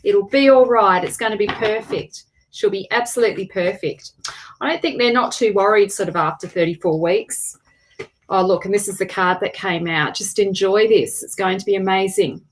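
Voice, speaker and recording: A woman's voice: medium pitch, normal speed, slight background noise. A woman, hosting a tarot livestream and chatting casually as she greets viewers by name, with frequent restarts.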